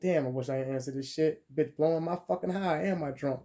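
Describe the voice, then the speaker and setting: A young man telling a profane storytime rant as a vlogger, crude and animated, jumping between loud outbursts and muttered asides. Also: on the high side, fast.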